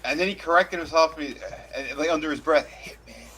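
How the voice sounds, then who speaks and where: A man on a podcast, telling stories in an animated, profane, joking way. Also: fairly high pitch, fast talker, a little hiss or hum. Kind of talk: casual chat.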